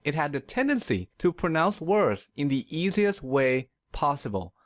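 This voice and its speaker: A man teaches pronunciation in a scripted video lesson, his voice sitting a little high and moving up and down a lot. He explains clearly and at a measured rate, stressing key words. The sound is dry and close. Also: sing-song, no echo.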